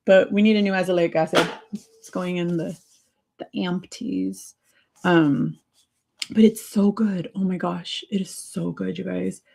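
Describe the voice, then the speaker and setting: A woman hosting a casual livestream, chatty and excitable, laughing often as she answers viewer comments. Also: fairly low pitch, a little slow, gravelly. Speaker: livestream host.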